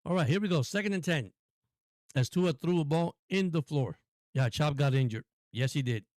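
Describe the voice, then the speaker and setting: A man calling a football game play-by-play for a live stream in a casual, excitable, chatty way. His voice is mid-pitched and dry, close to the mic. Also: normal speed, no room sound. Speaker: sports stream host.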